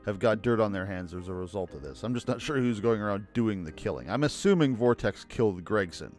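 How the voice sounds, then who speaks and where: A man's voice: fairly low pitch, animated, fairly quick, a little mellow. A man streaming a video game, joking and chatting casually as he plays. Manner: joking, chatty, laughs often. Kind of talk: casual let's-play commentary. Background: faint game music.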